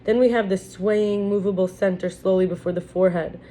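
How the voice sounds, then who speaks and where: A woman's voice: mid-range voice, fairly even intonation, a little fast, dark tone, a little hiss or hum. A woman giving a casual spiritual lesson, talking in a chatty way with frequent restarts while reading from a book. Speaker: teacher. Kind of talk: casual spiritual teaching talk.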